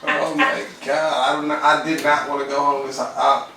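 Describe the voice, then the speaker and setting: A man who is high and tipsy, guesting on a casual podcast, cursing freely and laughing as he rambles through stories. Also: level tone, a little slow, vocal fry. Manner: profane, laughing, rambling storyteller. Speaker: comedian guest. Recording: echoey room, distant mic, noise.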